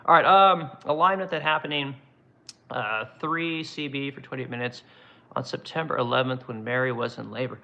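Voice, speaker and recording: A man's voice: medium pitch, moderate pace, vocal fry, bright, forceful tone, lo-fi sound. A man hosting his own show, ranting bluntly with constant swearing while reading and answering viewer comments. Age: adult, runs business ten years. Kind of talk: casual profane commentary.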